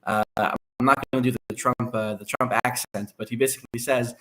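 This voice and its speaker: A man speaking as a guest analyst on a podcast, explaining at length in a measured way. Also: medium pitch, fairly even intonation, a bit bright, rough recording. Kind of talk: conversational podcast interview.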